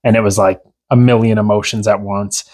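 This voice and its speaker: A man from Newfoundland, a podcast guest, telling a long story in a casual, animated and rambling way with many restarts. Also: on the low side, a little fast.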